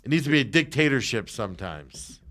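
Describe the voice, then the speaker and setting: A man's voice: mid-range voice, expressive, brisk, a bit bright. A man hosting sports talk, ranting with heat and sarcasm. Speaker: sports radio host. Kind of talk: heated sports talk rant.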